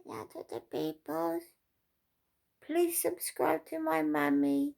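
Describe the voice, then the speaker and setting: A woman doing a squeaky babyish little dog. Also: sing-song, takes it slowly, gravelly, a little mellow, heavily acted. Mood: sweet. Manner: high cutesy baby talk. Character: her small female dog, babyish and sweet.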